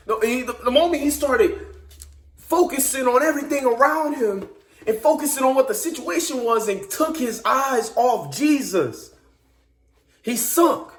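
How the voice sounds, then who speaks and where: A man's voice: very high-pitched, roomy sound. A man preaching informally in an earnest, emphatic way, repeating and restarting his phrases as he builds each point. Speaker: speaker giving a devotional message.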